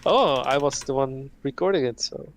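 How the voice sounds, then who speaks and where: A man's voice: medium pitch, normal speed. A young man casting an amateur esports match, analytical, stumbling over repeated words and chuckling between points. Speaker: caster. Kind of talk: casual esports commentary.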